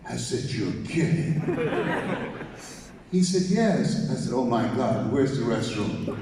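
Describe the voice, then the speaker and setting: A man's voice: fairly high pitch, a little mellow, a little hiss or hum. A man giving a live motivational speech, telling a story, acting out the dialogue and calling on the audience to repeat after him. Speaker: motivational speaker. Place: large hall with audience. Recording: echoey hall, mic from far off.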